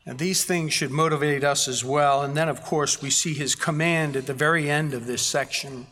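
A man's voice: a little high, fairly even intonation, normal speed, bright, forceful tone, big-room sound, slight background noise. A man preaching a sermon as a pastor, earnest, building emphasis through repeated phrases.

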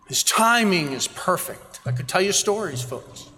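A man preaching a sermon, telling scripture stories with animated voices for the people in them. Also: high voice, measured pace, a little hiss or hum. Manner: animated storytelling, acting out quoted voices. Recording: reverberant hall.

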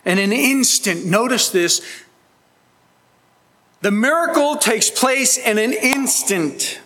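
A man's voice: very high-pitched, lively intonation, slow, sharp tone, a little hiss or hum. A man preaching a sermon as pastor, earnest and emphatic, pleading with his listeners. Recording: long hall reverb.

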